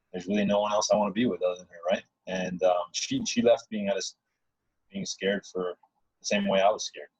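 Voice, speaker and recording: A man's voice: lowish voice, a little mellow, husky, no echo, poor audio. A man earnestly telling a personal story in a casual, rambling way, often restarting his sentences.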